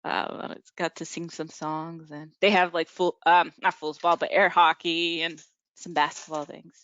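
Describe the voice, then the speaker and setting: A woman's voice: deep voice, level tone, normal speed, a bit bright, smooth, dry recording. A woman chatting casually on a video call, hesitant, with many ums and likes. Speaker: support group member. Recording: muffled video call audio.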